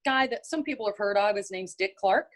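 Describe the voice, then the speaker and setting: A woman's voice: mid-range voice, fairly quick. A middle-aged woman from North Carolina with a Southern accent, a television writer and presenter telling stories as an interview guest and acting out the people she quotes. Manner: animated storyteller acting out quoted voices. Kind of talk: casual interview storytelling.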